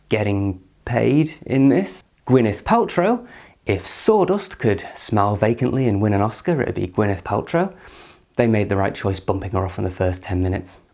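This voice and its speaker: A man's voice: on the low side, a little mellow. A man hosting a casual film review from his living room, with dry, sarcastic humour.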